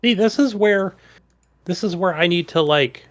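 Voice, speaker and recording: A man with a fairly high voice co-hosting a gaming podcast. He chats casually and slips in dry, teasing jokes. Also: normal speed. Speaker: podcast co-host.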